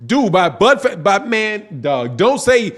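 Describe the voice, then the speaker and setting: A man's voice: sits high, very animated, takes it slowly. A man in his forties hosting a casual livestream, reading chat comments aloud in a slangy, rambling way. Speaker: boxing channel host.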